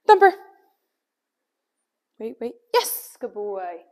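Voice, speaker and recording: Cheerful calls of a dog's name and quick bits of praise punctuate a woman trainer's calm explanations. Her voice is medium in pitch, and the casual demonstration is filmed indoors at home from a distance.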